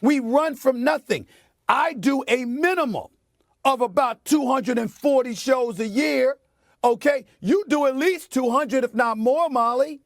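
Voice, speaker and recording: A middle-aged man hosting a sports debate show, making his point with forceful, preachy repetition in a TV studio. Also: very high voice, a little slow, dry recording. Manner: emphatic and preachy, repeats phrases for effect. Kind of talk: heated on-air sports commentary.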